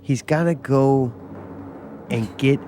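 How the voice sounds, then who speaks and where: A man's voice: mid-range voice, slow pace, noisy background. A man hosting a casual podcast, telling rambling, profane stories with lots of laughter. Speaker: podcast host. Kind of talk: casual chat.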